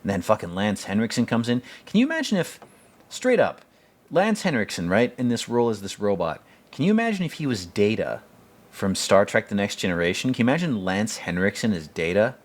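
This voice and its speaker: A man giving casual, rambling film commentary, swearing often and growing excited about scenes he loves. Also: on the low side, brisk. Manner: rambling, profane, enthusiastic.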